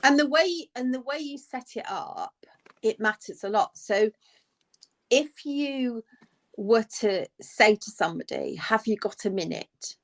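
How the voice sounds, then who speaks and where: Nurse co-host, animated storyteller. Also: female voice, on the high side, a little slow. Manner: animated storyteller, acts out quoted phrases. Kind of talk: casual advice chat.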